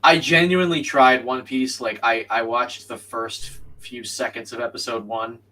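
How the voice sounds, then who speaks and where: Bright-voiced young man, off-mic. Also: medium pitch, fairly even intonation, normal speed, recorded from a distance, slight background noise, rough recording. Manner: opinionated, swears freely. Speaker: co-op gaming streamer. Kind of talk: casual chat while gaming.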